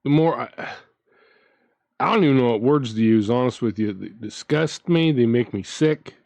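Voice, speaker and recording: A man's voice: medium pitch, normal speed, creaky, a little mellow, dry recording. A man hosting his own channel, ranting in a casual, indignant way, with frequent restarts as he talks. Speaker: commentary channel host.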